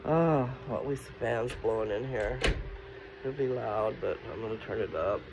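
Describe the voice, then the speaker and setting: A man's voice: on the low side, moderate pace, background noise. A man vlogging casually at home, talking in a scattered, rambling way straight to his viewers as he walks between rooms. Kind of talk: casual rambling vlog talk.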